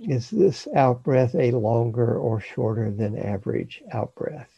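A man teaching meditation, giving slow, calm instruction with long pauses. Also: medium pitch, creaky, slightly rough, no echo, dull audio.

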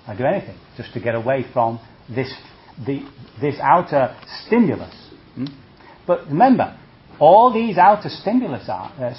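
A man's voice: medium pitch, highs cut off. A man, a Buddhist monk, giving a conversational dharma talk, checking in with his listeners and acting out reactions with humor. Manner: conversational, checks in with "see?" and "okay?"; lively, acts out reactions with humor.

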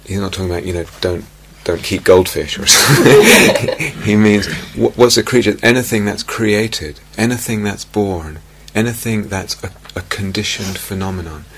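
A man giving a meditation teaching in a reflective, unhurried way, softly repeating key phrases. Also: fairly low pitch, slight background noise. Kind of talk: dharma talk. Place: retreat meditation hall.

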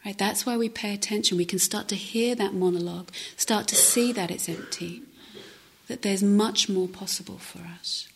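A woman meditation teacher giving a gentle, reflective dharma talk at a retreat, often dropping to a soft near-whisper. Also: medium pitch, normal speed, a little hiss or hum. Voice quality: breathy, often drops to a whisper. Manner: gentle, reflective, with hesitant restarts. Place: retreat center meditation hall.

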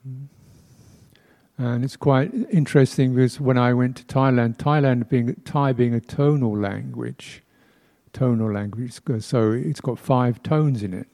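In a temple hall, a Buddhist teacher gives a dharma talk in a mellow, warm, creaky mid-range voice with fairly even intonation. He is reflective and unhurried, pausing often, laughing softly, and now and then playfully imitating speech sounds.

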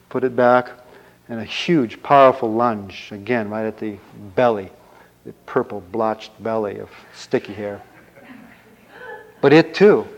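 A man who teaches meditation, telling a folk tale during a dharma talk. He narrates in an animated way and acts out sound effects. His voice sits at a middle pitch, and the recording sounds dull and lo-fi.

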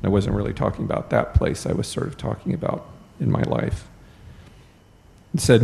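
Gravelly-voiced man sharing a story. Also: fairly low pitch, normal speed, darkish tone. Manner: rambling, self-deprecating storytelling with fillers. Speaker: retreat participant. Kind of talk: personal sharing in a group.

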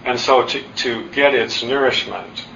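A middle-aged man giving a dharma talk at a meditation center, telling stories in a self-deprecating, unhurried way. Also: mid-range voice, gravelly. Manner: warm, self-deprecating storytelling with pauses. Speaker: guest dharma teacher. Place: meditation hall. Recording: distant, dull room recording with faint noise.

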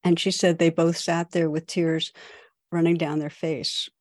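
A woman, a meditation teacher, giving a dharma talk in a gentle, unhurried storytelling manner. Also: low voice, flat delivery, dry recording, studio quality.

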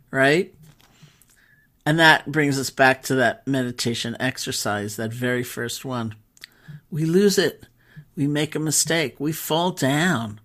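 A woman meditation teacher telling stories in a relaxed, conversational talk, with pauses and fillers. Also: very deep voice. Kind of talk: storytelling talk.

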